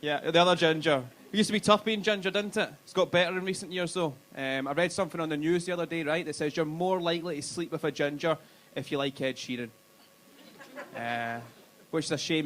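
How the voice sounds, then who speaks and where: A man's voice: fairly high pitch, fairly bright tone, a little hiss or hum. A young Glaswegian man doing stand-up in a comedy club, crude and self-mocking, working the crowd. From Scotland.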